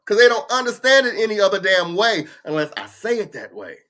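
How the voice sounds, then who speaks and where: A man in his 50s hosts a casual livestream chat through a computer mic, ranting bluntly and swearing freely. His voice is high-pitched and fairly quick, with a sharp tone and big swings in pitch.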